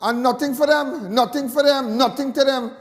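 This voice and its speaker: A man's voice: very high-pitched, steady tone, moderate pace, in a large hall. A Trinidadian man calling in to a talk show, ranting with passion and repeating his points indignantly. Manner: impassioned, repetitive, indignant. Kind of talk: call-in talk radio rant.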